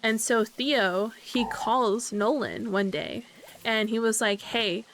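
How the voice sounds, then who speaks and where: A woman's voice: on the high side, slow pace, slight background noise. A woman host casually narrating a game storyline in a chatty way, with lots of fillers and tag questions. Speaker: channel host.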